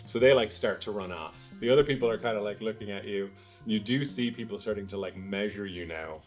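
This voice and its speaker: A man's voice: fairly low pitch, a little fast, a little mellow, soft background music. A man narrating as game master, loose and chatty with lots of filler words.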